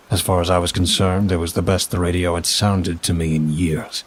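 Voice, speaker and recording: A man reading a first-person story aloud, measured and steady. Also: low voice, husky. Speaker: narrator. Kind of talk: scripted story narration.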